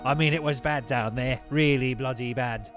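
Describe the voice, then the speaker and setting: A man's voice: mid-range voice, moderate pace, lightly acted. A man reading out a British ship captain's log in a hammy put-on accent that keeps slipping between regions, with game music behind. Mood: grim. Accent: mock British, drifting between regions.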